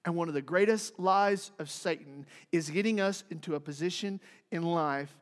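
A high-pitched male pastor preaches a sermon, telling a story with dramatic swings from forceful emphasis to near-hushed intimacy. The sound carries the long reverb of a church hall.

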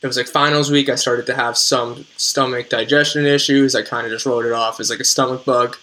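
A young man in his twenties with a New Jersey accent, speaking as a podcast guest. He tells his story in an earnest, measured way and sprinkles in casual fillers. His voice is bright and forward, at a middle pitch. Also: level tone, poor audio. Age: 20s. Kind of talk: podcast interview.

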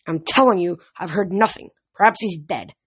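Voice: medium pitch, normal speed, fairly bright tone, husky, no room sound. A reader voicing a fussy, blustering, very old and fat male satyr in a pompous, huffy manner for an audiobook. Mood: flustered. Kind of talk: audiobook reading.

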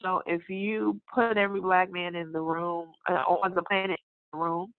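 A woman's voice: on the low side, little pitch movement, no room sound. Frank woman guest over a tinny line. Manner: frank, blunt and wry, pausing to clear her throat. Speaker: podcast guest. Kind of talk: candid conversation. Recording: tinny phone-line audio.

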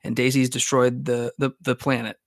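A man co-hosting a casual chat, quickly laying out a theory with some stumbling restarts. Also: medium pitch, level tone, vocal fry, dry recording, clean studio sound. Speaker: podcast co-host.

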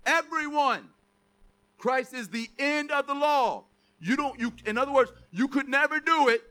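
A man's voice: extremely high pitch, measured pace, pushed and bright. A man preaching a sermon to a congregation, emphatic, often asking rhetorical questions. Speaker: pastor.

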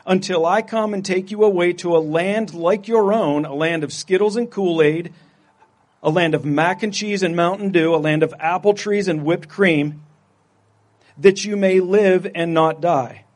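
A man voicing a boastful alien king, slowly proclaiming grand threats and promises to a nation. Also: a little high, close to an everyday voice. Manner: grand, proclaiming, slow and loud.

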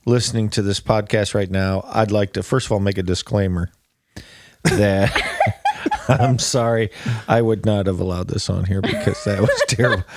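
A man's voice: on the low side, wildly swooping pitch, moderate pace, dry recording. A man hosting a podcast, chatting casually in a joking, self-mocking way with frequent laughter. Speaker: podcast host. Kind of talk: casual chat.

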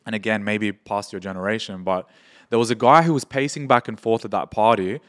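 Australian man telling party stories, low-pitched. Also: fairly quick. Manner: animated anecdotes, swearing, quotes people in his stories. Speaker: podcast guest. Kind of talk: casual storytelling chat.

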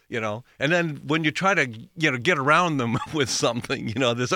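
A man's voice: mid-range voice, animated, moderate pace, sharp tone, no echo, clean studio sound. A man giving a folksy, rambling talk show monologue as host. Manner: folksy, rambling, self-correcting.

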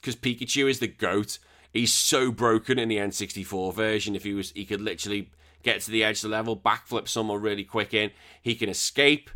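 A young British man hosting a retro games podcast, reading out listener comments in an excitable, sweary, laughing manner. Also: on the low side, fairly quick. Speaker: podcast host.

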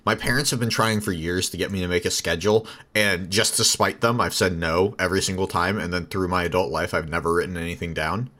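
Man, low voice, rambling laid-back podcast chat, laughs a lot. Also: fairly even intonation, quick pace, few pauses, pushed and bright. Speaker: podcast co-host.

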